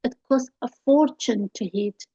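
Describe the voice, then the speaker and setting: A woman's voice: on the high side, a little slow, dark tone, slightly rough, no echo, dull audio, voice pushed up. A woman reading a bossy older sister. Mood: insistent. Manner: insistent, persuasive. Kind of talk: reading a play scene aloud.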